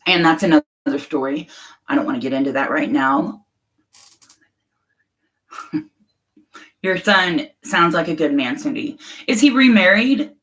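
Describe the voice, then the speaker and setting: A middle-aged woman hosts a casual livestream, reading viewer comments aloud and speaking bluntly and emotionally, often breaking into laughter. Her voice is lowish and a bit bright, with a measured pace and frequent pauses. The audio quality is poor.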